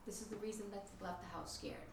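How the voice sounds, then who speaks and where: Leading a ghost tour of an old house, a woman tells its stories in a chatty, animated way, quoting the people in them. Her medium-pitched voice is quick with vocal fry, heard from a distance in an echoey room with faint hiss.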